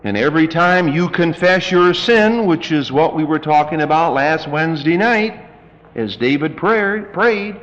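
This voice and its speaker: A man's voice: a little high, measured pace, fairly bright tone, highs cut off. A male pastor preaching a sermon in a folksy, emphatic and dramatic way, in a reverberant church hall.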